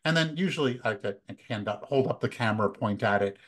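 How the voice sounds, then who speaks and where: An American man in his fifties, a photography workshop leader, giving relaxed, conversational travel tips with many fillers. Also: medium pitch, fast. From United States. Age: 50s. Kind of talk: casual talk, practical travel tips.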